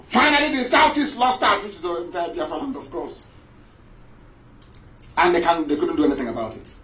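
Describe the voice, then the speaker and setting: A man's voice: on the high side, lively intonation, a little fast, sharp tone, rough recording. A man giving an impassioned live radio broadcast, scornful and mocking and repeating himself for emphasis. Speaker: political broadcaster.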